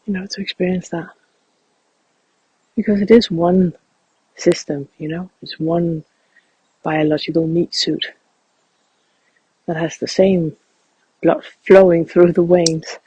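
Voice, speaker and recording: A man speaking softly and reflectively as he guides a walking meditation outdoors in a field. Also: high-pitched, slightly rough, no echo, lo-fi sound. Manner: calm, reflective, soft-spoken.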